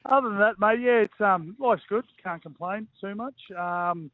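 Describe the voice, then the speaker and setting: A man's voice: sits high, moderate pace, no room sound. A man in his forties with an Australian accent, a former footballer chatting casually as a radio guest over the phone, self-mocking and full of fillers. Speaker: guest, former rugby league player. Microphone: phone call. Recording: tinny phone line, dry.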